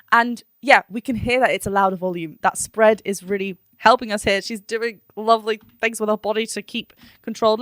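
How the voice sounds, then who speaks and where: A woman's voice: mid-range voice, a bit bright, no room sound, studio quality. A woman vocal coach talking through a song in a chatty, analytic way, now and then singing short vowel demos. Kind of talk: reaction and analysis talk.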